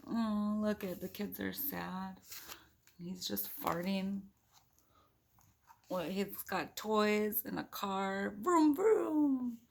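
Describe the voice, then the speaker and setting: A playful woman reads a picture book aloud, stopping for chatty asides, giggles and animal noises. Her voice sits in a middle register with a gravelly, creaky texture. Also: medium pitch, flat delivery, takes it slowly, pauses often. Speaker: parent reading to her children.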